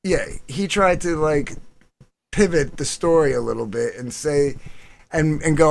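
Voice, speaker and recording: A creaky-voiced man at a measured pace spins a long, rambling tale in casual talk, swearing freely. He often quotes others in a lowered voice.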